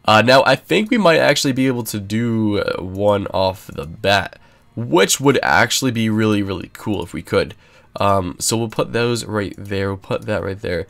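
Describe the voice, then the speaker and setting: A young man giving casual, rambling gameplay commentary, excitable and prone to sudden yelps. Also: on the low side, normal speed, vocal fry. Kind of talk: casual let's-play commentary.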